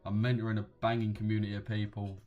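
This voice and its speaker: A man's voice: fairly low pitch, level tone, very fast, narrow, tinny audio. A young man, live-streaming forex trades and chatting casually with viewers, full of slang, calling them boys and mate. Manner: slangy, laddish, addresses chat as boys and mate.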